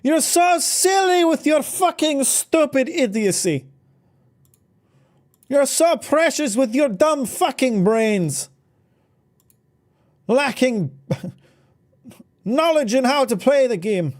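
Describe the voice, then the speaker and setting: A man's voice: lively intonation, heavily acted. Man putting on a sneering snob with a fake accent. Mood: condescending. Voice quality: high, drawn-out sneering delivery. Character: snooty elitist man mocking with a made-up foreign accent.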